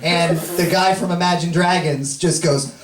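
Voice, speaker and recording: A man telling a rambling, self-deprecating story on stage as a comedian, sometimes bursting into shouts. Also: fairly high pitch, steady tone, unhurried, background noise. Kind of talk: live stand-up storytelling. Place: live comedy venue with audience. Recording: echoey live room, distant mic, crowd laughter. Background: audience laughing.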